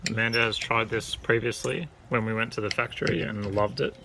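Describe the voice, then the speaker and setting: A man's voice: medium pitch, fairly quick, creaky. A man joking and chatting casually on a family travel vlog. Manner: joking, teasing. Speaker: travel vlogger. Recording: noisy outdoor camera audio.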